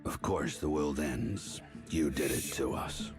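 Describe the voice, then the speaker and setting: A sardonic mutant stalker, grim and weary, narrating a game opening. The voice sits extremely low and booming. Loud music swells beneath every line. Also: male voice, takes it slowly. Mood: accusing. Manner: grim, accusing, sardonic delivery. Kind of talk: scripted game intro narration. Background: loud game soundtrack music.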